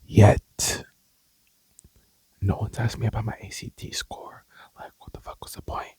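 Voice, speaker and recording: Whispered mukbang ASMR, young adult, breathy and husky, slow delivery, blunt and profane. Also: mid-range voice, level tone, dark tone, no echo, poor audio. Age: about 20. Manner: casual, blunt, profane rambling between bites. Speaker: mukbang vlogger.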